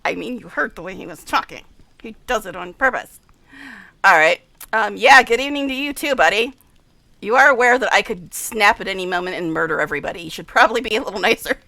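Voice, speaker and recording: A bright, giggly woman streaming a game. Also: medium pitch, expressive, fast, vocal fry, dry recording, low-quality recording. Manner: chatty and giggly, with hushed asides. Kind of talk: casual gameplay commentary.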